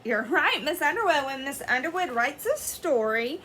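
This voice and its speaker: Expressive woman teacher reading to kids. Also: sits high, moderate pace, slight background noise. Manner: expressive, questioning the children. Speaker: elementary school teacher. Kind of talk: children's story read-aloud.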